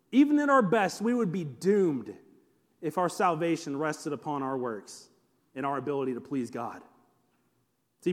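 A man preaching a sermon as a pastor, animated and conversational, with many rhetorical questions to the congregation. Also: high voice, in a large hall.

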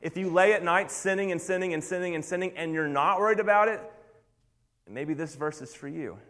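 A man's voice: on the high side, a little fast, fairly bright tone. A man preaching a sermon in an earnest, confessional way, often stumbling over restarts.

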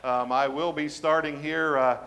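A man's voice: on the high side, steady tone, unhurried, a bit bright. A man preaching as a visiting supply pastor, telling a folksy joke and saying a heartfelt farewell, with frequent "uh" fillers. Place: church sanctuary.

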